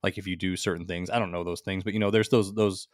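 Low-ish guy on a podcast telling long rambly stories, super dry mic. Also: fast talker, no echo. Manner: rambling, animated anecdotes with acted-out quotes. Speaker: podcast co-host. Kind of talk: casual storytelling chat.

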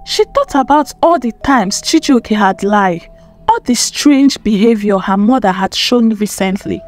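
A woman narrating a dramatic story in an expressive, emphatic way. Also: on the high side, unhurried. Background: faint music.

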